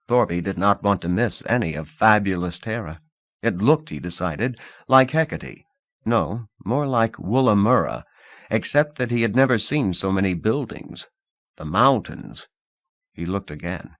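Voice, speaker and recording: A man narrating a novel in a measured, expressive audiobook reading. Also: lowish voice, dry recording, muffled recording.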